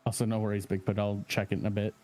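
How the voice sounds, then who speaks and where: A man running a tabletop game as dungeon master, explaining rules in a relaxed way with many fillers. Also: on the low side, rapid-fire.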